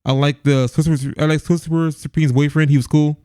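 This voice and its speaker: A man's voice: a little high, level tone, quick pace, dark tone, clear, resonant tone, no room sound, studio quality. A man co-hosting a casual movie review podcast, rambling with lots of restarts and laughs. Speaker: podcast co-host.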